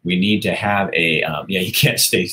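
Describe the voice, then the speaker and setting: Brief: male livestream host, deep voice, chatty and rambling, reads comments out loud. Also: normal speed, poor audio. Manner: chatty, rambling, laughs often. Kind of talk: casual chat reading viewer comments aloud.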